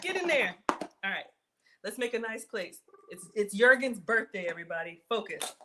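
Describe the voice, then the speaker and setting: A woman hosting a casual live cooking stream from her kitchen, chatty and excitable, talking straight to her viewers as she cooks. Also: mid-range voice, moderate pace, noisy background. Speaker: cooking livestream host. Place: home kitchen.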